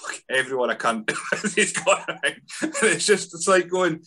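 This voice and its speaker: A podcast host with a bright, sharp-edged voice chats with his guest. He keeps a relaxed, easy tone. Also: fairly high pitch, moderate pace. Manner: relaxed, chatty, laughs along. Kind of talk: casual chat.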